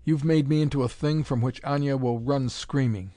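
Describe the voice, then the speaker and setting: A man's voice: mid-range voice, fairly even intonation, moderate pace, dark tone, dry recording, clean studio sound, lightly acted. Man playing an anguished, raging transformed man. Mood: bitter. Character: proud young man, changed into a beast.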